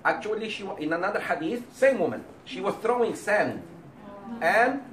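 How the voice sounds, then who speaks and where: A man teaching a religious class, speaking in a lively way and acting out the voices he quotes. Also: high voice, brisk, a little hiss or hum. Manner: animated, acts out quoted voices. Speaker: Islamic teacher. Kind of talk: lecture to a class. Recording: roomy, distant mic, faint background.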